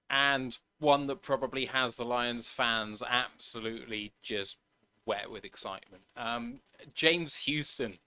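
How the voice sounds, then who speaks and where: A man's voice: medium pitch, pushed and bright, no room sound. A man co-hosting a sports podcast, casually running through a player's numbers and laughing at his own slips. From United Kingdom. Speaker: podcast co-host.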